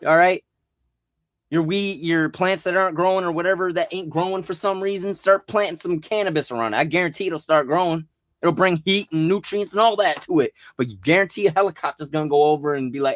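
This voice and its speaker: A man with a somewhat high voice rants in a loose, rambling way, swearing freely and restarting his sentences as he gets worked up. The recording is close and dry, with no room sound around him. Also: fairly quick, no room sound. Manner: rambling, profane, agitated, with restarts. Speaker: vlogger. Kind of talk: rambling conspiracy rant.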